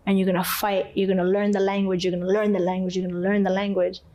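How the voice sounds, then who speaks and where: A woman from Canada, a podcast guest, recounting her struggles in an emotional, animated way and repeating phrases for emphasis. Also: medium pitch, fast talker. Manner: animated, acts out others' voices and her own crying in quotes. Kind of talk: emotional personal storytelling.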